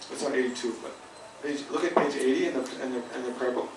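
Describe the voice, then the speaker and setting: A man's voice: medium pitch, steady tone, fast talker, noisy background. A man teaching a Buddhist study class, patiently thinking aloud and restarting his sentences often. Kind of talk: dharma class lecture. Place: teaching hall. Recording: roomy hall, mic at a distance.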